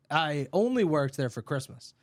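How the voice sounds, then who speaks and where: A man from Massachusetts co-hosting a podcast, telling a story in casual chat, animated and full of swearing. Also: fairly high pitch, a little slow, no room sound. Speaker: podcast co-host.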